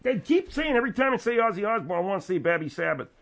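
A man voicing a slow-witted, confused fellow who mumbles and stumbles over names in a radio comedy sketch. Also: sits high, big pitch swings, fairly bright tone, voice pushed up, heavily acted. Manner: mumbling, halting, muddled.

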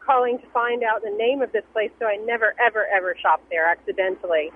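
A woman's voice: medium pitch, fairly even intonation, fast. A woman calling in to a radio show, pressing with incredulous questions. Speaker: caller. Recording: tinny phone line with faint hiss.

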